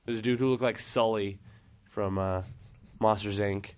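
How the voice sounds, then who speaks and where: A man's voice: lowish voice, fairly even intonation, moderate pace. A man telling a long funny story on a casual podcast, rambling with many fillers. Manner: rambling, lots of "like" and "uh", laughs at own story.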